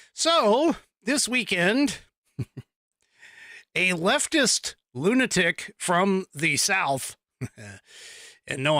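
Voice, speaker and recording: A man's voice: fairly high pitch, pushed and bright, dry recording, clean studio sound. A man hosting a political talk show, giving opinionated commentary with mocking asides and frequent laughs. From United States. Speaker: podcast host.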